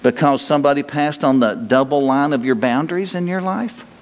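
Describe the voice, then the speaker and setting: A man preaching a sermon in a conversational way, asking the congregation questions and giving God's answers in a slower, gentler voice. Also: fairly high pitch. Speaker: pastor. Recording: long reverb of a large hall.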